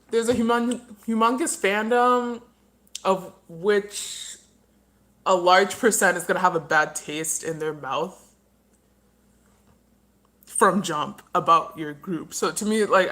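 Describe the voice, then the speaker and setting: A woman's voice: medium pitch, fairly bright tone. A woman hosting a casual livestream, rambling through her opinions and talking while she eats. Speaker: livestream host.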